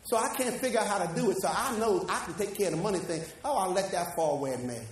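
Man preaching, very high voice, heard from afar in a booming church hall. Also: animated, quick pace, slight background noise. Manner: preaching with rising shouts and call-and-response. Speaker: pastor. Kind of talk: sermon. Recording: echoey church hall from far off.

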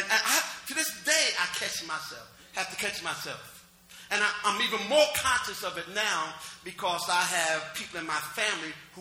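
Middle-aged male pastor, chatty sermon style with call-outs; high, bright voice in a roomy hall. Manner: conversational preaching with call-outs to the congregation.

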